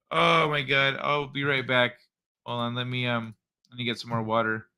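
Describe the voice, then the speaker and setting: A man's voice: mid-range voice, level tone, measured pace, sharp tone, smooth. A man hosting a casual late-night reaction show, laid-back, laughing often and swearing freely. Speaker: host.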